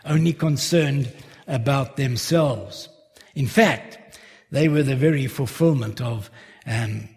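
A man preaching a sermon, slowly and carefully working through a Bible passage verse by verse. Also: fairly high pitch, a little mellow. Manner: slow, measured expository preaching. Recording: long hall reverb.

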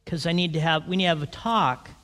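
A man voicing God as a calm, fatherly figure who speaks slowly and invites a talk. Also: a little high, in a large hall, pitched below the performer's own voice, natural voice. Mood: calm, inviting.

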